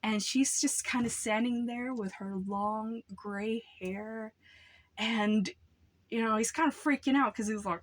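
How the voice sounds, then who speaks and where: A young woman book vlogger reviews books casually, rambling and filling her talk with "like" and "um." Her voice is fairly high and a little slow.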